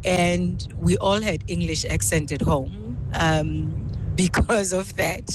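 Slow woman calling from a car. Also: lowish voice, noisy background. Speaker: caller.

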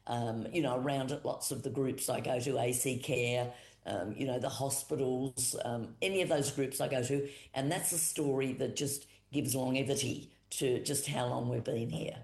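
In an echoey room, an Australian storyteller from Boandik country in South Australia, who works as a cultural educator, recounts a creation story. The medium-pitched voice is steady and darkish, unhurried, pausing often and circling back to emphasize retold parts.

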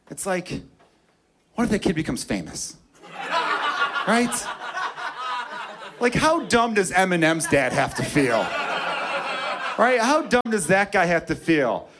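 A male stand-up comedian with a slightly high voice talks conversationally and checks that the crowd is with him. The recording is noisy, with a crowd clearly heard. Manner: conversational, asks the crowd for agreement. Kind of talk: stand-up bit.

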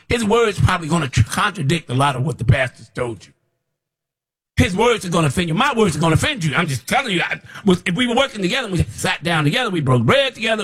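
Male preacher, husky, fairly high-pitched, scolding, repeats himself, climbs toward shouts. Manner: scolding, repetitive, rising to near shouts. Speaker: self-described prophet. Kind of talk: preaching monologue.

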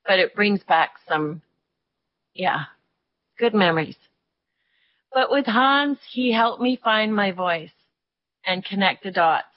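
An older woman recalling the past in an interview, with reflective, halting phrasing. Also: medium pitch, no echo. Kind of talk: interview storytelling. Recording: dry dull lo-fi recording.

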